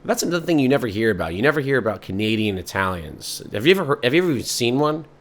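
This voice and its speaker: A man's voice: mid-range voice, very animated, rapid-fire. A man hosting a podcast in a rambling, sardonic comic monologue full of fillers. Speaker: podcast host.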